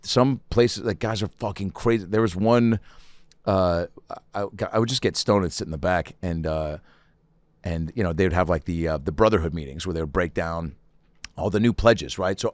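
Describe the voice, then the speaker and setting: Low-voiced man, dry close sound. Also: no echo. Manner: profane, rambling storyteller with quick impressions. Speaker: podcast host. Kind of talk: casual chat.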